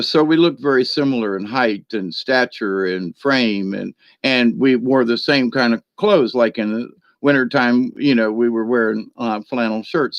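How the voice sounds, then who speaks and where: A man telling a rambling personal story in a chatty way, laughing often and filling pauses with ums and restarts. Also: mid-range voice, no room sound. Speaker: spiritual card reader. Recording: dry, dull lo-fi sound.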